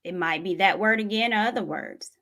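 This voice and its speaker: A woman's voice: mid-range voice, fairly quick, fairly bright tone. A woman from Tennessee, telling a personal story in an earnest, reflective way as a vlogger. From Tennessee, USA.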